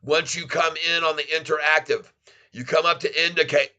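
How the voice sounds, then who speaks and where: A man from Florida with a Southern accent, hosting a live stream and chatting with viewers in an excitable, effusive way. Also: on the high side, normal speed, lo-fi sound. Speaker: livestream host. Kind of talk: casual live stream chat.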